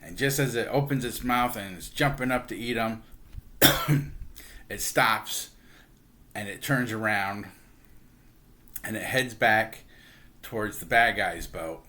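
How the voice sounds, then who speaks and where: A man's voice: fairly low pitch, slow, pauses often, pushed and bright. A man casually retelling a comic book story, acting out the characters' lines with a chuckle here and there. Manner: chatty, acts out characters with lots of "he's like"; chuckles while telling. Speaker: book reviewer.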